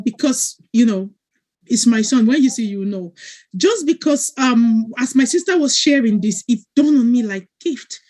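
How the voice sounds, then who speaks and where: Earnest woman, slightly high voice. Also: a little mellow. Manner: earnest and emotional, often checking that listeners follow. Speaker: wellness coach. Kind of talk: testimonial talk on a video call. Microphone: video call.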